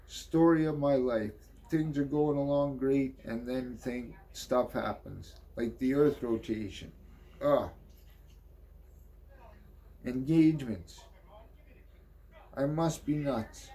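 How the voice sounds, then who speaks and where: A man with a mellow, mid-range voice reads a comic book aloud slowly and offhandedly, ad-libbing and swearing between panels.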